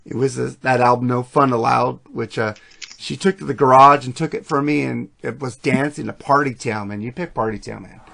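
A man's voice: mid-range voice, fairly even intonation, fairly quick, gravelly, fairly bright tone. A man hosting a podcast, talking about songs in a casual, profane and enthusiastic way that rambles. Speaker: podcast host. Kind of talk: casual music chat.

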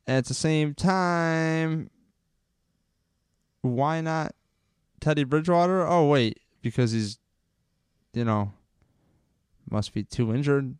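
A man's voice: mid-range voice, clean tone, no echo, clean studio sound. A man hosting a live sports podcast, chatting casually, rambling and getting fired up, with frequent swearing. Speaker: podcast host. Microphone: close microphone.

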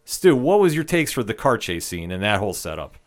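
A man's voice: on the low side, very animated, a little fast. A man hosting a casual film discussion podcast, steering the talk and putting questions to his co-hosts.

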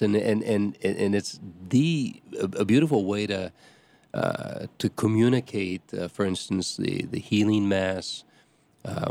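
A middle-aged man, a parish priest hosting a show, talking casually in a halting way with many restarts and fillers. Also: low voice, vocal fry, a little mellow. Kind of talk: casual talk.

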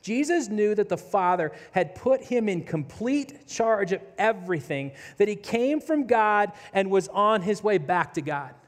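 A man's voice: high voice, lively intonation, measured pace, few pauses. A man preaching a sermon, retelling a story vividly and speaking directly to his listeners. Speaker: pastor. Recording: long reverb of a large hall.

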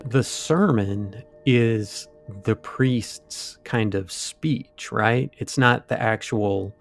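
A man with a gravelly, creaky voice tells a ghost story in a casual podcast chat. He rambles, drops in asides and fillers, and his pitch sits in the middle range. Faint music plays beneath him. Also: extremely slow. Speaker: podcast co-host.

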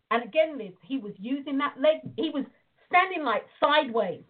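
Animated woman on a tinny call. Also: high voice, moderate pace, few pauses. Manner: animated storytelling, acts out quoted dialogue. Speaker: prayer and visualization teacher. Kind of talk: casual spoken teaching on a call. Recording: tinny phone-like line.

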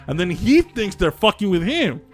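A man co-hosting a casual podcast, retelling a story with lively acted-out quotes and plenty of swearing. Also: sits high, moderate pace, faint music behind. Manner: animated storyteller acting out quoted voices, swears freely. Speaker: podcast co-host.

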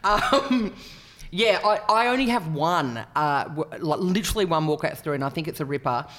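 A woman's voice: deep voice, expressive, normal speed, a bit bright. An Australian woman comedian, a podcast guest telling stories animatedly and laughing often. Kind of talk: casual chat.

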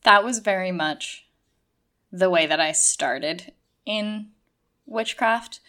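Chatty woman with a lowish voice. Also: takes it slowly. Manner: chatty, animated, acts out quoted voices. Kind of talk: casual conversation.

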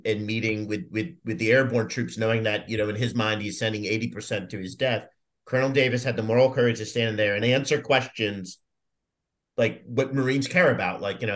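A man's voice: medium pitch, fairly bright tone. A man, a Marine veteran, talking reflectively in a casual podcast conversation, with many fillers and restarts.

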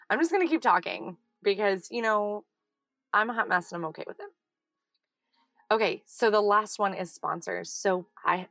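A woman's voice: fairly low pitch, fairly bright tone, dry recording. A woman, chatting casually as a podcast host from her parked car, laughing at herself. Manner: chatty, self-deprecating, laughs easily. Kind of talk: casual chat. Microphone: handheld mic in a car.

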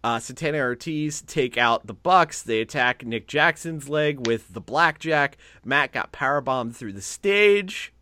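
A man co-hosting a podcast in casual chat, talking with excitement and swearing freely. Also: medium pitch, unhurried, few pauses. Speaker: podcast co-host.

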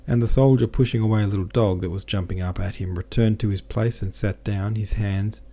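A man narrating a novel as an audiobook, reading in a steady, measured way. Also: fairly low pitch. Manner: steady, measured reading with small self-corrections.

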